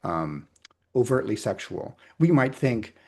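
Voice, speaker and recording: A man's voice: medium pitch, big pitch swings, measured pace, creaky, darkish tone. A middle-aged man, a clinical psychologist, explaining ideas in a thoughtful, hedging way over a video call, often checking in with "right?". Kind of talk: conversational explanation.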